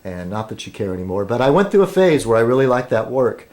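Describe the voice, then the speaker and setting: A man's voice: mid-range voice, big pitch swings, fast, darkish tone, slight background noise. Rambling American man vlogging. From United States. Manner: meandering, filler-heavy, self-deprecating. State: talking while eating. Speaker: vlog host. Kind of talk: rambling casual vlog monologue.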